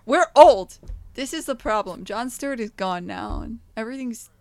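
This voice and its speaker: A woman's voice: a little high, fairly quick, no echo. A woman co-hosting a podcast in casual chat, rambling and joking with lots of fillers. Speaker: podcast co-host, game developer.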